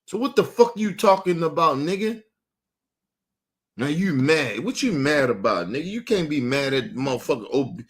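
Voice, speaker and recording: A man's voice: a little high, very animated, normal speed. A man hosting a show, ranting angrily in with heavy swearing and a lot of repetition. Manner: angry, repeats himself, swears heavily. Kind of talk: heated on-air rant.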